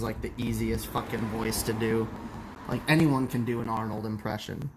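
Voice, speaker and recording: A man's voice: on the low side, fairly even intonation, moderate pace, slight background noise. A young man hosting a casual late-night livestream, loose and profane, coughing and laughing often. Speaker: livestream host.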